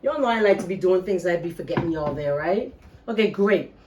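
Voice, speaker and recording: A woman's voice: lowish voice, animated, fairly quick, recorded from a distance, background noise. A middle-aged woman with a Bahamian accent, hosting a casual cooking video and chatting straight to her viewers. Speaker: cooking show host. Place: home kitchen. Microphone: phone camera.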